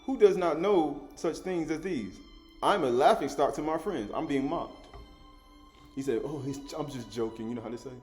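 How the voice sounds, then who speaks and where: A man preaching a sermon, teaching in an animated way, repeating and restating his words and chuckling as he goes. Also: fairly high pitch, moderate pace, faint music behind.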